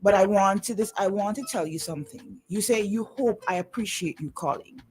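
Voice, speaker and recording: A woman's voice: mid-range voice, brisk, background noise. A woman hosting a radio call-in show, speaking firmly and with a scolding tone to a caller. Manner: firm, scolding. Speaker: radio talk show host.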